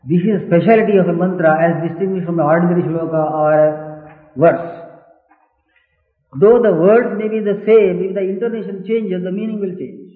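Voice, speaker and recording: Man lecturing and chanting in an echoey hall. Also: high voice. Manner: patient, deliberate explanation, breaking into slow Vedic chant. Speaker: spiritual teacher. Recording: echoey hall on a tinny, phone-like archival recording.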